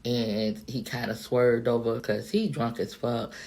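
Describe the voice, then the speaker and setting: A woman with an unusually deep voice and a gritty, crackling edge to it tells a story to camera. She is from the Miami-Dade area and talks bluntly and profanely. Her delivery is animated and conversational. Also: unhurried. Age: adult, past her younger days. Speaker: vlogger. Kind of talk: casual storytime monologue.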